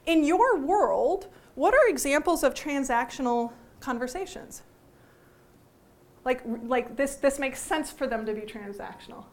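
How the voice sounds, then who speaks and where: Woman, high voice, workshop teacher, lively, jokes, quizzes the audience. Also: a little slow. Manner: lively, joking, asks the audience questions. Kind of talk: interactive workshop talk. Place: conference room before a live audience.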